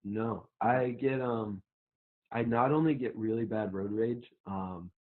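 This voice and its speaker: A man's voice: fairly low pitch, steady tone, unhurried. A young man on a podcast telling stories in a rambling, casual way, full of fillers and swearing. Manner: rambling, filler-heavy, profane storytelling. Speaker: podcast guest. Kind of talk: casual chat. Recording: tinny phone-like sound.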